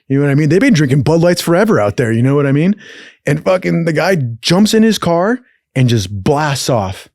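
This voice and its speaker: A man's voice: on the high side, a little fast, no room sound, studio quality. A young man telling a rowdy story in casual, profane talk, acting out what other people said. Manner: profane, animated, acts out other people's lines. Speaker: podcast host.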